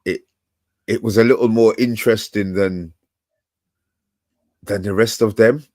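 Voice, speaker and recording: A man co-hosting a casual live fan show, relaxed and hesitant in his talk. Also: on the low side, a little slow, no room sound. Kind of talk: casual live-stream chat.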